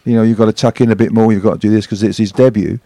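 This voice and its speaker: A man telling anecdotes as a guest on a chat show, animated and acting out shouted quotes. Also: fairly low pitch, racing, no echo.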